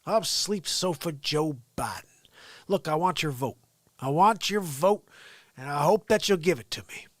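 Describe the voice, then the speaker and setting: A man voicing a sleepy old male politician who rambles slowly and mumbles while pitching discount sofas. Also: expressive, dry recording, clean studio sound. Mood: rambling. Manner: drowsy, slow, mumbling and rambling.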